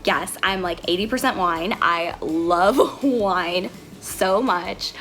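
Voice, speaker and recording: A woman's voice: on the low side, slow, fairly bright tone. Young woman, vlogger, bubbly, giggly, rambling, casual chat to camera, faint background music. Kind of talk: casual get-to-know-me vlog. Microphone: camera mic, talking to camera.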